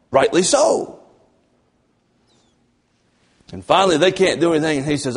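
A man's voice: animated, husky. Fervent male preacher in echoing church. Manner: fervent, swinging between loud emphasis and low, drawn-out delivery. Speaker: pastor. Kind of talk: sermon. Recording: long church reverb.

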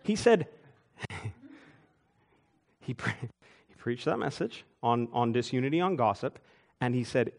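A man preaching a sermon, telling church stories with quick asides and chuckles. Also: medium pitch. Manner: animated storytelling with asides and chuckles. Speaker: pastor. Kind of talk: storytelling sermon.

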